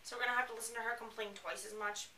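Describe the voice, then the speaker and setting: Woman reading a novel aloud with snarky commentary, higher voice, roomy sound. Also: steady tone, rapid-fire, sharp tone, distant mic, a little hiss or hum. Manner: sarcastic, chatty asides. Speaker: reader. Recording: roomy, away from the mic.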